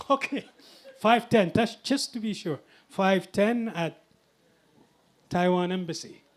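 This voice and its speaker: Jovial male auctioneer, high-pitched and unhurried, teasing bidders at a live charity event.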